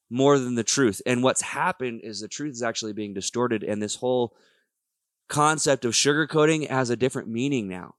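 Lively man co-hosting a podcast. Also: medium pitch, dry recording, clean studio sound. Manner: lively, chimes in with quick reactions. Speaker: podcast co-host. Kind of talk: casual faith podcast chat.

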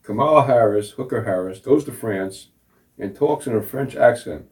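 Man, sarcastic talk host, mocking banter, average pitch, distant mic. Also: normal speed, a little mellow. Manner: sarcastic, scoffing, laughs at his own jokes. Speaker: show host.

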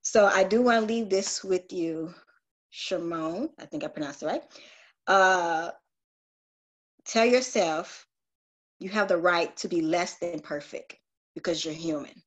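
A woman's voice: on the low side, unhurried, pauses often. Earnest woman sharing her faith story. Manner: earnest, confessional, with frequent restarts. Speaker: group call participant. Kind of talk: heartfelt spiritual sharing.

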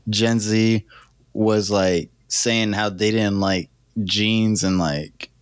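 A man in his late twenties from the American South, co-hosting a podcast in casual chat, animated and rambling with lots of "like". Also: lowish voice, slow pace, clear, resonant tone, no echo, clean studio sound. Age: 20s. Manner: animated, rambling with many "like" fillers, dramatic. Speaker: podcast co-host.

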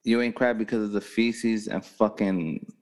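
A man's voice: fairly low pitch, steady tone, moderate pace, darkish tone. A man hosting a podcast, teasing his co-host in blunt, profane casual chat.

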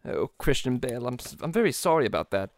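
A man voicing a pompous cartoon baby boy who stammers and speaks in soft, hesitant tones. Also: medium pitch, big pitch swings, fast, dry recording, clean studio sound, voice pushed down. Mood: timid apologetic. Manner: timid, stammering apologies.

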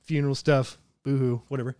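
A podcast host from southern Ontario, Canada, tells casual, profane stories with lots of laughter, his medium-pitched voice moving a little fast. He's an animated storyteller, and the recording is dry, clean-toned and studio quality.

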